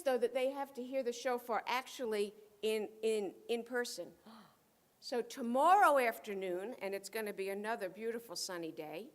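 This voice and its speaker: A woman leading a holiday service in a casual, excitable and exclamatory way. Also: on the high side. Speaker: service leader.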